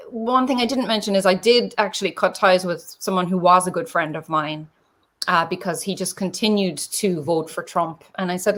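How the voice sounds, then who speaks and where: A woman, a guest in a casual interview over a video call, telling things in an animated way and acting out quotes. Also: medium pitch, moderate pace. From Ireland. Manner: animated, with lively acted-out quotes. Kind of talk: casual conversation.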